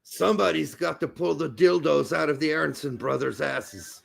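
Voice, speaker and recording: A man co-hosting a live soccer watch-along stream, talking casually with lots of swearing and bursts of shouting. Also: fairly high pitch, moderate pace, vocal fry. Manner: excitable, profane, bursts into shouting over goals.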